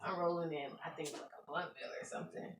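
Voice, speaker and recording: A woman's voice: sits low, brisk, a little hiss or hum. A woman co-hosting a podcast, telling a story in casual chat and acting out the voices of the people in it. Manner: animated, laughing storyteller who acts out quoted lines. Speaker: podcast co-host. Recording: echoey room, mic at a distance.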